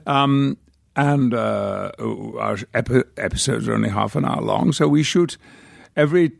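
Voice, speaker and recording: An older man from the north of England, a podcast guest telling anecdotes in a relaxed, rambling way with hesitations. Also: medium pitch, a little slow, vocal fry, no room sound, clean studio sound. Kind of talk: casual interview storytelling.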